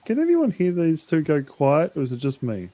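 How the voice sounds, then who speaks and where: Male podcast co-host on an online call, halting, distracted, easygoing. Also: a little high, wildly swooping pitch, mellow. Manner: halting, distracted, fiddling with settings. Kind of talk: casual chat.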